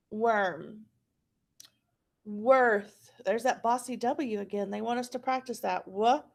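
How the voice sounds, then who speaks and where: A woman's voice: on the high side, creaky. A woman teacher leading a patient, encouraging phonics lesson for young children.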